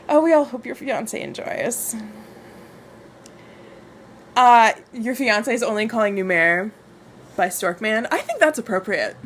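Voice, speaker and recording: Her voice is high-leaning, animated and a bit bright, at a moderate pace with slight background noise. She's a young woman hosting a casual livestream book club on a wireless mic, gushing over viewer comments she reads aloud and often repeating phrases.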